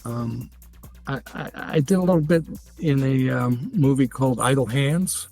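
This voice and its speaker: A man's voice: mid-range voice, measured pace, creaky, warm tone, faint music behind. A man in his seventies, a guest actor in a casual interview, rambling through stories with many restarts and fillers. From United States. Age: 70s.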